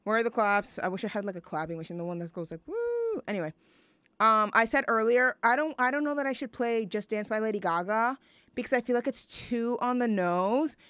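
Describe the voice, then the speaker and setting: A woman's voice: on the high side, fairly quick, fairly bright tone, clean tone, no room sound. A young woman hosting a radio show, chatting casually and rambling with fillers and self-mocking asides. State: out of breath from dancing.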